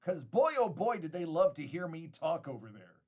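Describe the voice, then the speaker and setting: A man's voice: on the high side, sing-song, moderate pace, darkish tone, muffled recording, slight background noise. A man hosting a casual live stream, chatting and joking with viewers, often laughing and restarting his sentences. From United States. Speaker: host of a card-collecting live stream.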